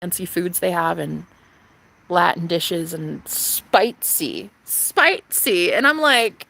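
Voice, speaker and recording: A woman talking candidly and profanely to her viewers in a casual vlog, dropping into whispers and rising into loud bursts. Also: on the low side, animated, slow pace, vocal fry. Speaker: vlogger.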